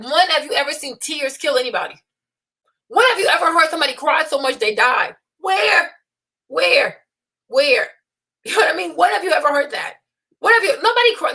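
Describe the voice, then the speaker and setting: Blunt, high, bright-voiced woman ranting. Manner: blunt, scolding, animated rants; mocking put-on voices for quotes. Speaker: host. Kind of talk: unscripted opinion livestream.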